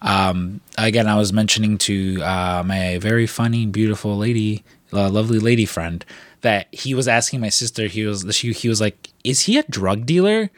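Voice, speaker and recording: A man's voice: fairly low pitch, moderate pace, no room sound. A man telling long stories in casual chat, rambling with many fillers and frequent swearing.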